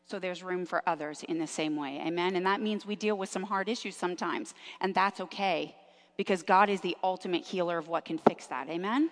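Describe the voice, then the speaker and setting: A middle-aged woman pastor preaching a lively sermon in a church, drawing amens from the congregation. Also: lowish voice, a little fast, in a large hall. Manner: lively, engaging the congregation with call-and-response. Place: church sanctuary. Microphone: handheld or clip microphone.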